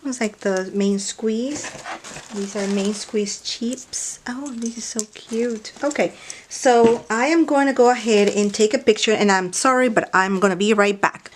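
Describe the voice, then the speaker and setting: A woman chatting casually while unboxing mail, gushing and exclaiming over each item and often dropping to a soft near-whisper, indoors at night. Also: a little high, measured pace, slight background noise. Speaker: craft vlogger unboxing mail.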